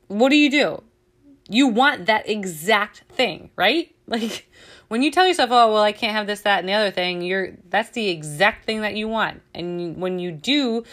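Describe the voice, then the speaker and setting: A woman's voice: mid-range voice, fairly bright tone. A woman hosting a casual motivational chat, talking candidly and loosely, with frequent laughs and plenty of swearing. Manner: candid, chatty, swears freely, laughs often.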